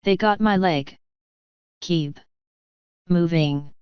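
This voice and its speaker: A woman's voice: fairly low pitch, very slow, smooth, dry recording, highs cut off. A woman voicing a wounded, desperate male armored guard who strains through pain in a storybook reading. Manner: strained, shouted pleading.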